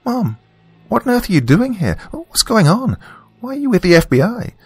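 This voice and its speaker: Man doing a shrill, upset young woman. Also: big pitch swings, normal speed, husky, full character voice. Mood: shocked. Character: distressed young adult daughter, woman.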